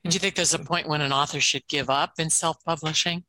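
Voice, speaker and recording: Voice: medium pitch, steady tone, a little fast, bright, forceful tone, dry recording, low-quality recording. An interview host who asks questions and encourages the guest.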